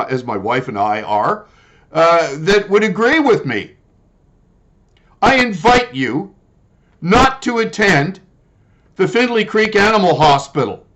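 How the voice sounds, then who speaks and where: A retired man with a somewhat high voice, speaking in a personal monologue. His delivery starts measured and formal. It turns loud and indignant as he airs his grievance. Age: older. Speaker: retired pet owner telling a complaint.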